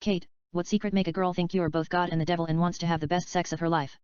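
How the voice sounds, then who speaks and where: A teasing, provocative actress, read aloud by a woman pokes at her partner. The voice is smooth and a little low, read plainly. The recording is dry and close, with a dull, slightly lo-fi sound. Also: level tone, fast, darkish tone, no echo, close to an everyday voice.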